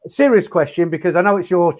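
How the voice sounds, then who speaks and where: Man, talk-show guest, high voice, inquisitive, halting restarts. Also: a little mellow. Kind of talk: casual chat.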